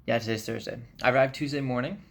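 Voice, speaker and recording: Tired guy vlogging, loose and chatty, gravelly voice, lots of ums. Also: mid-range voice, quick pace, a little hiss or hum. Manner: rambling, filler-heavy, relaxed chat. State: jet-lagged, tired. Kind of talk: casual vlog update. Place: hotel room.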